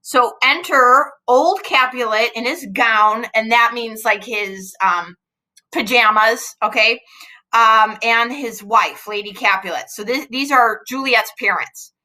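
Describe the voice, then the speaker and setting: Bright-voiced woman, unhurried teacher. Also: on the high side, low-quality recording. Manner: reads lines aloud, then explains in casual, chatty asides. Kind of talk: explaining and reading aloud a play. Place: home.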